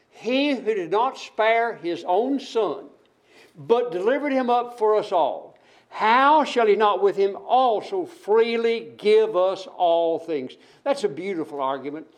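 A man with a notably high voice delivers a sermon. He builds each point through emphatic repetition and keeps putting rhetorical questions to his listeners. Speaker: preacher.

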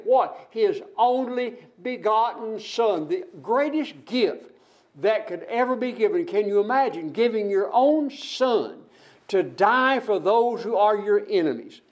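Man, high-pitched voice, preacher, sermon, emphatic, repetitive build-ups, rhetorical questions. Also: darkish tone.

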